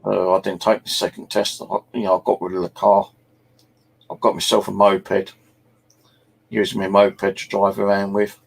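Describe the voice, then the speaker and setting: A man's voice: fairly low pitch, completely flat delivery, normal speed, creaky. A middle-aged man from England, telling rambling, sweary anecdotes as host of a casual chat. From South East England. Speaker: channel host.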